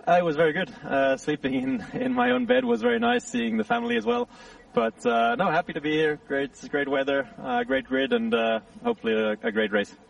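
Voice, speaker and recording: A male racing driver with a high, very gravelly voice that moves a lot in pitch. He answers in a hesitant way, full of uhs, recorded outdoors and somewhat away from the mic. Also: big pitch swings, fairly quick, distant mic, rough recording. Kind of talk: trackside interview answers. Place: outdoors on a race grid.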